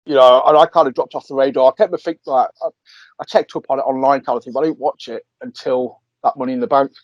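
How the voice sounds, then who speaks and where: A man talks in a loose, rambling way, stopping to laugh as he retells scenes. His voice sits at an ordinary pitch. It comes through a dry, slightly dull call line. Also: fairly even intonation, quick pace, no room sound. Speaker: podcast co-host. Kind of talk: casual chat.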